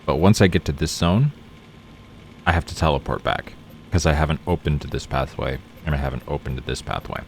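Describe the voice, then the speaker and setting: A man's voice: rumbling low, a little fast, a little hiss or hum. A man streaming a game, reading in-game notes aloud and chatting casually as he plays. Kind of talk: casual gameplay commentary. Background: game music.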